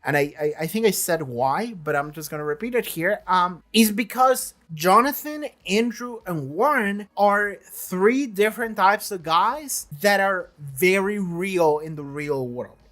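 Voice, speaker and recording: A reaction-channel host talking casually in a question-and-answer vlog, animated and emphatic, with lots of filler words and casual swearing. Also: mid-range voice, unhurried, hardly any pauses. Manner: acts out quoted lines in shifted voices.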